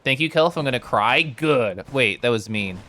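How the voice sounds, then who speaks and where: Streaming a video game, a man with a medium-pitched voice talks at normal speed. He chats casually and excitedly, reading the chat aloud and giggling.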